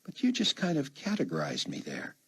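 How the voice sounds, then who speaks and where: A man voicing a teasing young woman college student, bright and quick-witted. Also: medium pitch, wildly swooping pitch, breathy edge, pitched above the performer's own voice, exaggerated voice. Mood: playful.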